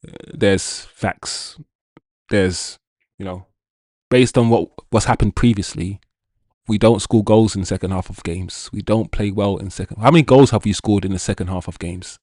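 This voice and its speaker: A man's voice: fairly low pitch, no room sound, clean studio sound. A young man hosting a football watch-along stream, ranting, swearing and talking to his chat. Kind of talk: live-stream commentary and chat.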